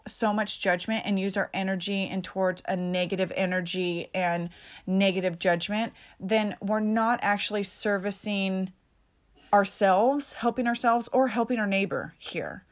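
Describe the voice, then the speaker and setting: Woman host of a solo pep-talk podcast; casual, emphatic, a little salty. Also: medium pitch. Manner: emphatic, casual and chatty, peppered with mild swearing.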